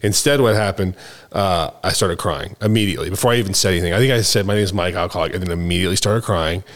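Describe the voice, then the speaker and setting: Fast-talking deep-voiced man host. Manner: earnest, emotional storytelling. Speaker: podcast host. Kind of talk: candid recovery conversation.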